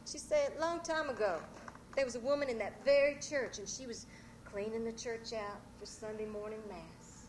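A woman telling folk tales live to an audience in a church, animated and drawling. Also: a little high, normal speed, a little hiss or hum. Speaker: storyteller.

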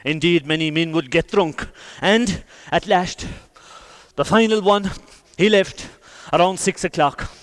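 An Irish man spins a traditional folk tale in a colloquial, lively voice that sits high for a man. He swings from loud, vivid bursts down to hushed asides. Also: a little slow. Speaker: storyteller. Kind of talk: traditional oral folk storytelling.

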